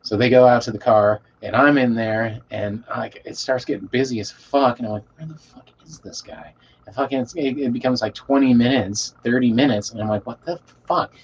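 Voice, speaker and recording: A man's voice: medium pitch, steady tone, brisk, hardly any pauses. Rambling, cussing man on a dull mic. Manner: loose and rambling, swears a lot, trails off quietly. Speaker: streamer reading chat. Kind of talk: casual storytelling to a live chat. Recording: dull lo-fi mic with faint hiss.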